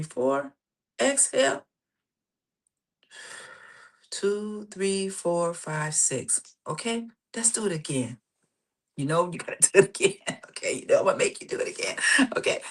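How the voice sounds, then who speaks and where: A woman hosting a live self-help session, guiding breathing and often checking in with "okay?", sometimes dropping to a soft whisper for affirmations. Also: a little high, gravelly. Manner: casual, warm-toned coaching, keeps checking in with "okay?". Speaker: therapist and show host.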